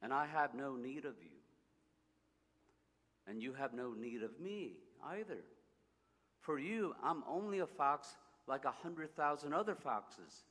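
A gentle, wise fox from a storybook speaks slowly and earnestly, voiced by a man reading aloud. His unhurried words ring out in a long hall reverb. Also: mid-range voice, animated, voice pushed up. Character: wise gentle male fox, patient teacher.

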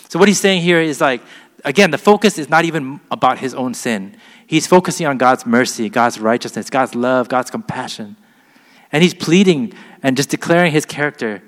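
A man's voice: mid-range voice, normal speed. A man preaching a sermon, reading scripture aloud with weight and then explaining it in plain, earnest words. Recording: long hall reverb.

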